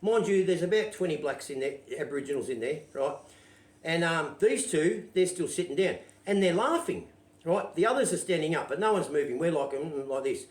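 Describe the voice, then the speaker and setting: A man's voice: fairly high pitch, expressive, fairly quick. Man, rambling storyteller, swears freely, roomy echo. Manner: rambling, checks in with "right?" constantly, swears freely. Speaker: show host telling a story. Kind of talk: casual anecdotal storytelling. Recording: roomy echoey sound.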